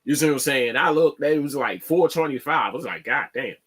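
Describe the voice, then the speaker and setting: A man hosting an online show, talking in a casual, halting monologue and restarting his words often. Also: fairly high pitch, expressive, a bit bright, breathy edge. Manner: plainspoken, slangy.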